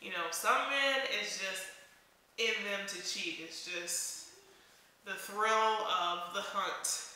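A woman's voice: fairly low pitch, slow pace, bright, forceful tone. A young woman vlogger giving frank, preachy relationship advice straight to the camera. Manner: blunt, frank, preachy, laughs at herself. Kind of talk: casual opinionated monologue to camera. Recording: echoey room.

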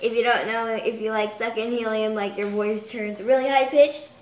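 A woman's voice: a little high, steady tone, moderate pace, darkish tone, reverberant. A young woman showing off a toy in a chatty home video, stringing thoughts together with many fillers. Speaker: toy demonstrator. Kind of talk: casual product demo.

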